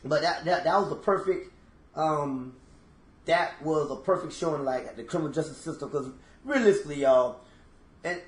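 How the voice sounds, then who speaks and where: A man co-hosting a podcast, telling stories with emphasis and speaking straight to his listeners. His voice sits a little high, and the room gives it a noticeable echo. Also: normal speed. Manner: emphatic storyteller, addresses listeners as y'all. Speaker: podcast co-host. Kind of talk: casual chat.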